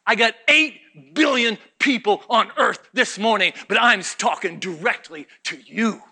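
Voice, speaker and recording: A middle-aged male pastor preaching a fiery sermon, swinging from shouts to low, intense murmurs and mocking the voices of churchgoers. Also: unhurried, gravelly, slightly rough. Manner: acts out congregation voices mockingly.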